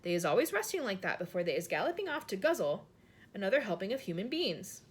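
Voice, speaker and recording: A woman's voice: medium pitch, very animated, fast talker, breathy edge. A woman voicing a friendly male giant who mangles his words, reading aloud from a storybook. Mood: cheerful. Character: big friendly male giant, jumbled grammar.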